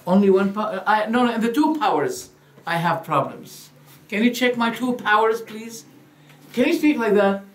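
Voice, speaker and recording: A man giving a religious lecture, animated, firing rhetorical questions and acting out quoted dialogues. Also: sits high, normal speed. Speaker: Islamic preacher.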